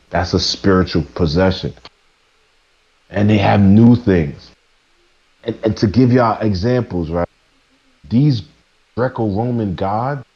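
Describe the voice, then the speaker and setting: A man with a dark, mellow voice delivers an emphatic, preachy rant to his live chat. He often trips over his words and starts again. The audio is a little dull and lo-fi. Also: medium pitch. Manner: preachy, emphatic, with stumbling restarts. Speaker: streamer.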